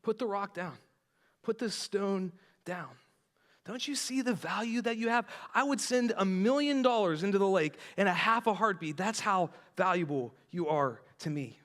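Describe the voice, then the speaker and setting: A hushed, tender Jesus speaks slowly and earnestly to a troubled man, as a preacher puts him on. The voice drops a little below the speaker's own and turns quiet and gentle. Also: sits high, animated, pitched below the performer's own voice. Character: calm, tender Jesus, adult male.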